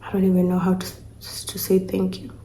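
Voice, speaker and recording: A woman's voice: lowish voice, monotone, fairly quick, warm tone. A young woman, vlogging as she unboxes gifts, gushing and repeating herself emotionally. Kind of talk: casual vlog, unboxing gifts. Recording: echoey room, faint noise.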